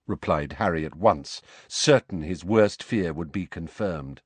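A man narrating a storybook, expressive and shifting voices for the characters. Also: sits low, normal speed, hardly any pauses, husky, dry recording. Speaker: audiobook narrator.

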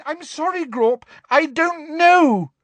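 A man reading an audiobook voices a frightened teenage schoolgirl witch, speaking in a breathless, trembling, high-pitched voice. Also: expressive, takes it slowly, a bit bright, full character voice. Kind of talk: audiobook character voice.

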